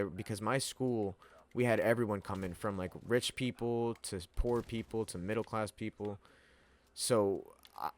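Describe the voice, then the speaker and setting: A young man telling a story in a loose, rambling way, peppered with slang, curses and bursts of laughter. His voice sits a little low for a man. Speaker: vlogger. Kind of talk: casual storytelling to camera.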